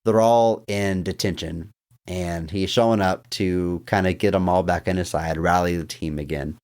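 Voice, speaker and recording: This podcast co-host has a deep voice and talks at a moderate pace. He's an animated storyteller, laughing as he walks listeners back through scenes in a casual conversation.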